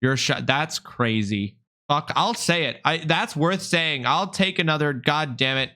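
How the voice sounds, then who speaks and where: A fairly high, bright and forceful male voice, talking casually to a live stream chat on a desk mic. He jumps between playful outrage and quick banter, cursing often and addressing viewers directly. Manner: animated, mock-indignant, swears freely, talks straight to chat.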